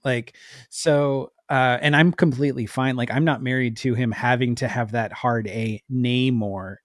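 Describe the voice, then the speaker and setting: A man's voice: mid-range voice, fairly even intonation, moderate pace, no echo, clean studio sound. A man appearing as a podcast guest, talking through a film review in a chatty, emphatic way with side notes. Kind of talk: casual film review chat.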